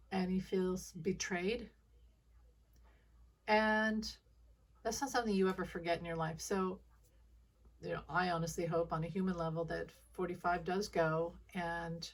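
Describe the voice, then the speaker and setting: Low-voiced woman rambling through readings. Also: far from the mic. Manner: rambling, self-interrupting, laughs often. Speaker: intuitive reader. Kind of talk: casual commentary.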